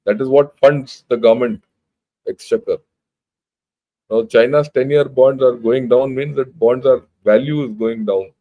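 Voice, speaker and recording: A man's voice: mid-range voice, fairly even intonation, unhurried, highs cut off. An older man with an Indian accent, a retired general and channel host, giving a blunt, emphatic informal talk and reading out news. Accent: Indian English. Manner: emphatic, blunt, conversational with many restarts.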